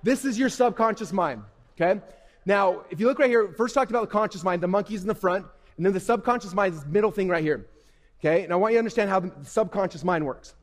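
A man giving an energetic, playful, emphatic live presentation to young people as a motivational speaker. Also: sits high, quick pace. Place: event hall. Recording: reverberant hall.

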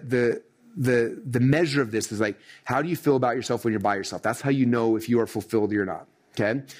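Husky middle-aged guy coaching a room full of people, talks super fast, keeps tossing in "right?" and "like". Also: medium pitch. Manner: energetic, leans on "right?" and "like". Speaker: success coach. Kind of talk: motivational training talk. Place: room with a live audience.

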